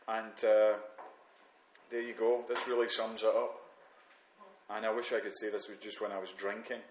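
A man talks candidly about his own failings in a low voice. He mocks himself and often stumbles into restarts. The room is echoey, with a faint hum of noise behind him. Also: little pitch movement, moderate pace. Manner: candid, self-mocking, many restarts. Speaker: recovering alcoholic sharing on the program. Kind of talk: reading aloud then personal reflection. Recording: roomy echo, faint background noise.

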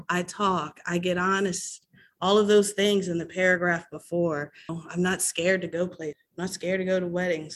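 A woman sharing her personal recovery story at a support meeting, candid and animated, acting out other people's voices. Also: lowish voice, a little hiss or hum.

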